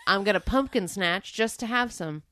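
A woman's voice: medium pitch, normal speed, bright, forceful tone, no room sound, clean studio sound, lightly acted. A woman voicing a young male Southern college guy with a thick drawl and a Southern US accent. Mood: eager, casual.

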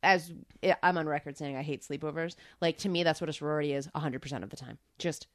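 A woman's voice: sits low, fast talker, no room sound, clean studio sound. A woman in her thirties co-hosting a podcast, rambling chattily with lots of fillers. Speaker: podcast co-host. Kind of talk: casual chat.

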